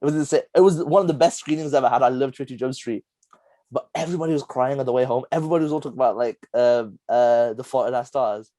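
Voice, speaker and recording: A young man, co-hosting a casual podcast chat, rambling through animated stories with lots of laughter. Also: medium pitch, fast, dry recording. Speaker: podcast co-host.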